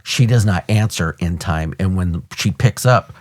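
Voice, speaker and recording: A man in his fifties from the United States, a podcast host and retired police officer, telling a story in a blunt, animated way and swearing casually. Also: low voice, a little slow. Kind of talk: conversational storytelling.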